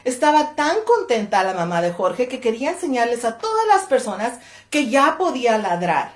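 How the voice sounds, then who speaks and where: A woman from the library reading a picture book aloud to children, switching between English and Spanish line by line in an animated way. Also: fairly high pitch, brisk. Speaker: library storyteller. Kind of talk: bilingual children's read-aloud. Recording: echoey room.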